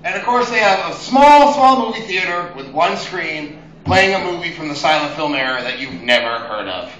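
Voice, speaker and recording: A man's voice: on the high side, animated, normal speed, a bit bright, echoey room, a little hiss or hum, poor audio. A young man doing open mic stand-up, telling crude, exasperated stories full of swearing. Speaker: stand-up comedian.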